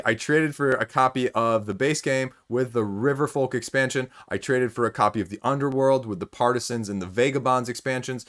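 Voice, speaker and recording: A man's voice: mid-range voice, fairly bright tone. A man with a Midwestern Michigan accent hosting a board game channel, thinking aloud in a rambling way with many fillers. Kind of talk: casual talk to camera.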